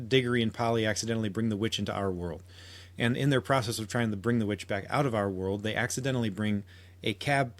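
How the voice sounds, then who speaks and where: A man hosting a podcast, making an earnest argument with frequent restarts and quotations. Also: lowish voice. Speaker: podcast host. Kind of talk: solo podcast commentary.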